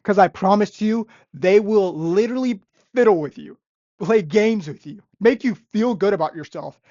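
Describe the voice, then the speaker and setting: A woman's voice: medium pitch, normal speed, warm tone, dry recording. A young woman, a restaurant busser, ranting in a vlog monologue with sarcastic exasperation and repeated phrases. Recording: dull, lo-fi and dry.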